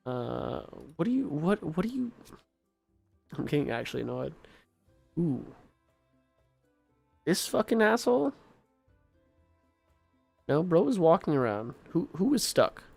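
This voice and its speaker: A man's voice: high voice, big pitch swings, slow pace, vocal fry, long pauses, a little mellow, slightly rough, no echo, faint music behind. A man giving casual gameplay commentary, exasperated and swearing, asking the same questions again and again. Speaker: gaming streamer.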